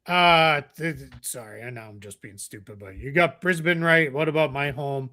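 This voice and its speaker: A man's voice: fairly high pitch, normal speed. A man co-hosting a live basketball draft show, rambling casually and reading out viewer messages. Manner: rambling, reads viewer messages, trails off quietly. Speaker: podcast co-host.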